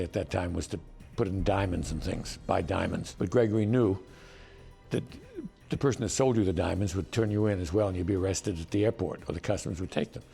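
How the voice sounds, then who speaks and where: A man's voice: low-pitched, creaky, warm tone. An older man, a screenwriter, telling amused, wry anecdotes in a documentary interview.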